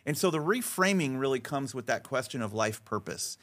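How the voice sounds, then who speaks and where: A middle-aged man, a podcast guest, talking in an emphatic, animated way, acting out dialogue as he tells stories with frequent restarts. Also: mid-range voice, brisk. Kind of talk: conversational storytelling interview.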